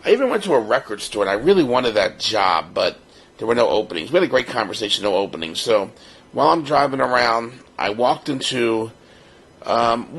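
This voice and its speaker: A Baltimore man in his fifties co-hosts a podcast and tells a personal story, lively in manner and acting out the other people's lines. His voice is on the low side and slightly rough, and the recording is rough.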